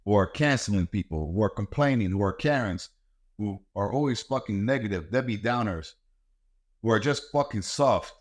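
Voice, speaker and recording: A man's voice: lowish voice, lively intonation, moderate pace. A middle-aged man hosting a podcast, talking in a blunt, heated and profane monologue about raising kids. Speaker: podcast host and martial arts coach. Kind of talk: ranting monologue.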